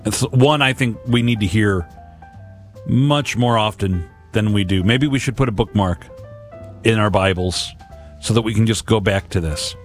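A man in his forties giving an earnest devotional talk about scripture, often pausing and restarting his sentences. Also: fairly low pitch, faint music behind. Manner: earnest, halting, with many restarts. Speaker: Catholic speaker.

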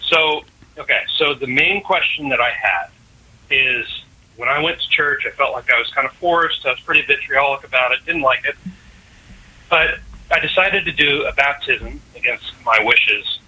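A man's voice: medium pitch, moderate pace, bright, forceful tone, slightly rough, rough recording. A man calling in to a radio show, asking his question in a casual, joking, slightly rambling way. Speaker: caller.

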